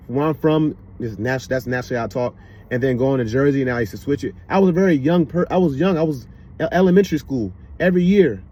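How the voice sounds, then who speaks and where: A man's voice: fairly high pitch, slightly rough. A man with a DC-area accent giving rambling, casual commentary, often asking if you know what he means. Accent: Washington DC area. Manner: rambling, with repeated fillers. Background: loud car passing outside.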